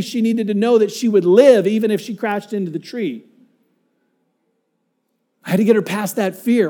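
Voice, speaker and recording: A man preaching with a fairly high yet mellow voice. He is earnest and dynamic, sinking to near-whispers and then climbing to emphatic, drawn-out points. He tells stories and acts out what people said. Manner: dynamic, swinging from hushed to emphatic; earnest storytelling with acted-out quotes. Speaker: pastor. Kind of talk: sermon.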